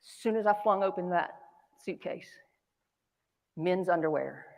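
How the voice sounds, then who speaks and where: A woman's voice: lowish voice, a little slow, vocal fry. A woman from North Carolina with a Southern accent, giving a keynote talk as a chatty, self-deprecating storyteller in a large conference hall. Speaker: keynote speaker. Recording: long hall reverb.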